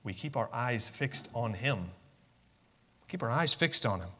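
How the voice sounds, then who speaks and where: A man preaching a sermon as pastor, swinging from soft, low musing to loud, high emphatic bursts. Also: animated, unhurried, in a large hall. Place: church sanctuary.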